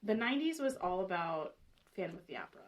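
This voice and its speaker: A woman's voice: fairly low pitch, sing-song, fast talker. A woman in her forties co-hosting a podcast in casual chat, reminiscing and laughing easily. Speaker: podcast co-host.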